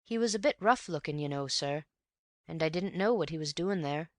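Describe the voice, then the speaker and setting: A woman's voice: deep voice, lively intonation, normal speed, no room sound, studio quality. A woman voicing an older male lodge-keeper who speaks in plain rustic phrases and keeps saying "sir.". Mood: earnest, wary. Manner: rustic speech, deferential "sir".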